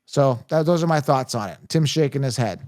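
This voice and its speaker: A man hosting a casual sports podcast, energetic and hype-driven, laughing often. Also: medium pitch, a little fast, slight background noise. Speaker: podcast host.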